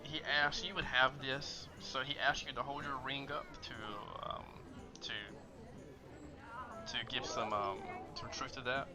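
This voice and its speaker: A man running a tabletop game as game master, narrating in a halting way full of fillers over online voice chat. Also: medium pitch, fairly even intonation, crowd noise.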